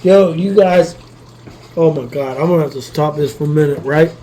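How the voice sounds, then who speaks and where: A man's voice: fairly high pitch, moderate pace, dark tone, rough recording. A man hosting a casual cooking vlog from his kitchen, rambling, swearing casually and talking straight to his viewers while he cooks. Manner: rambling, swears casually, keeps asking "you know what I mean". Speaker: cooking channel host.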